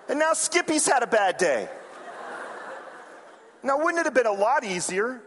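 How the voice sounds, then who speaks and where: A man with a high voice delivers a sermon in a large sanctuary, his words carrying a long reverb off the hall. He tells stories with animation and raises his voice to play the people in them. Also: measured pace, long pauses, slight background noise. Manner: animated, acts out quoted characters with raised voice. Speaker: preacher. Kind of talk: sermon with storytelling.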